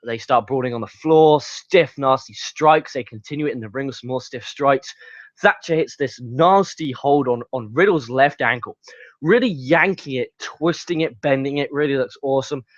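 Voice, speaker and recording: A man's voice: mid-range voice, normal speed, no room sound. A young man reviewing a wrestling show, recapping matches play by play and ranting with heavy swearing. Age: young adult. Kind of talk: casual review monologue. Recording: dull lo-fi sound.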